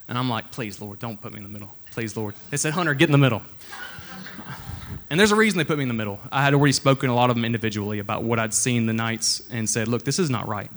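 A man's voice: mid-range voice, steady tone, rapid-fire, few pauses, fairly bright tone. A young man preaching an informal sermon, telling a personal story in an earnest, conversational way before reading scripture aloud.

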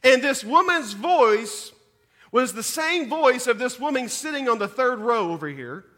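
A man, preaching a sermon that moves between scripture reading, prayer and lively storytelling, often repeating words as he goes. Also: unhurried. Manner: animated storyteller, repeats words, rises in pitch and volume at dramatic moments. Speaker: pastor.

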